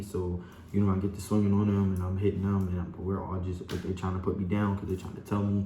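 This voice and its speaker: A man's voice: low-pitched, completely flat delivery, a little fast, hardly any pauses. A young man telling a personal story to his viewers, rambling and full of "like" and "you know". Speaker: vlogger. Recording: echoey room with faint background hum.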